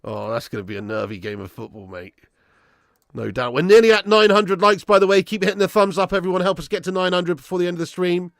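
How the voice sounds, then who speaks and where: Guy streaming footy, buzzing and chatty, bit gravelly and hoarse, dry close sound. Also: high-pitched, fast, no room sound. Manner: excitable, chatty, slangy, buzzing with joy. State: voice going hoarse. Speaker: football watch-along streamer. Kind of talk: live stream chat and match reaction.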